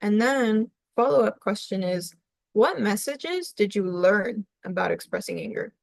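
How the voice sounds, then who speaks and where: A woman's voice: mid-range voice, no room sound. Woman counselor talking parents through stuff, casual, keeps saying right?, pretty dry close sound. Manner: conversational, often tags on "right?". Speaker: family counselor. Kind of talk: webinar presentation for parents.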